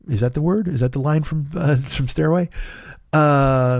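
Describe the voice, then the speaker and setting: A middle-aged man tells a rambling story in a casual comedy monologue, swearing freely and poking fun at himself. His voice is gravelly and sits at an ordinary pitch. The sound is dry and close, with no room around it. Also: normal speed, a little mellow, no echo. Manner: rambling, profane, self-deprecating storytelling. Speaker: comedian and podcast host.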